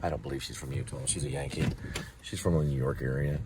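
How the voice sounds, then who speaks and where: A man's voice: a bass voice, steady tone, quick pace. A man chatting casually while driving with his wife, rambling and joking as he goes. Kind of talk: casual chat in a car. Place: inside a moving car. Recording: noisy car recording.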